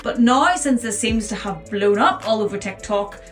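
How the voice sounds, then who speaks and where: A woman's voice: medium pitch, expressive, normal speed. A woman vlogger in casual commentary, chatty and questioning. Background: faint music.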